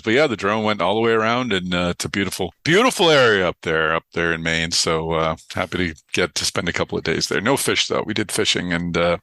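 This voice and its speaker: Low, bright Boston-accented podcast host. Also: male voice, dry recording. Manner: chatty, joking, with filler uhs. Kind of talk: casual podcast chat. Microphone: video call.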